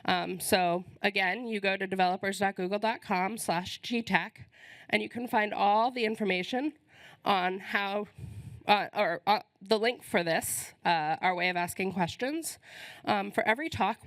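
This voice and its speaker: A woman's voice: medium pitch, moderate pace, a bit bright, no room sound. A woman opens a conference on a stage microphone, her voice strained as she loses it. She talks in a friendly, informal way with frequent ums. The sound is dry and close. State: losing her voice. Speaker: conference host. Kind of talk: conference welcome announcements. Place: conference hall.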